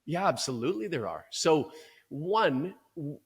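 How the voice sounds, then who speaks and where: A man speaking as a performance coach in an interview, talking in an emphatic, energetic, motivational way. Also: fairly high pitch, unhurried, breathy edge.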